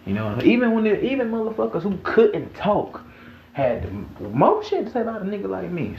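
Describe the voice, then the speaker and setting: A young Southern man from Mississippi tells a profane, rambling story, his gravelly voice leaping up and down in pitch. He repeats himself and laughs through it. The sound is echoey and a little dull, with a faint hiss behind him. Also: wildly swooping pitch, moderate pace. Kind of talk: casual storytime vlog.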